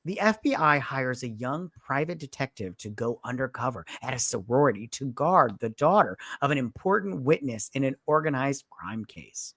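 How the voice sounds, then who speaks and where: A woman's voice: a bass voice, big pitch swings, normal speed, few pauses, a bit bright, no echo, clean studio sound. A woman co-hosting a casual movie review chat, rambling and swearing as she retells scenes and quotes the characters. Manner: rambling, profane, recounts scenes with quoted lines. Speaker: co-host.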